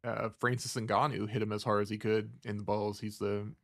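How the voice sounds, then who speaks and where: A man with a fairly low voice joins a casual chat. He laughs easily and keeps his answers short. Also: flat delivery, moderate pace, gravelly. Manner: laughs often, short replies.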